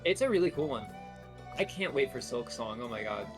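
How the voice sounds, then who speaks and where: A man chatting casually on a game stream, telling stories lively and mimicking people as he goes. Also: mid-range voice, a little fast, music in the background. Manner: animated storyteller who mimics people. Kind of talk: casual storytelling chat.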